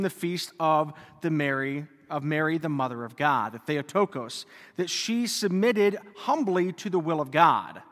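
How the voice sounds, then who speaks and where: A man's voice: a little high, a bit bright. A man preaching a homily at Mass as a priest, conversational with joking asides. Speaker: Catholic priest. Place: church. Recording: long church reverb.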